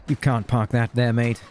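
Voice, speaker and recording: A man with a London accent roleplaying a police officer, talking bluntly with dry, deadpan humor. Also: mid-range voice, slight background noise. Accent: London English. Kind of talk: in-character roleplay chat.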